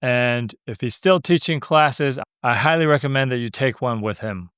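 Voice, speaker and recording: A man's voice: medium pitch, moderate pace, fairly bright tone, clear, resonant tone, no room sound, studio quality. A young man hosting a podcast, telling stories in a laid-back, joking way. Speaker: podcast host. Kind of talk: casual storytelling monologue.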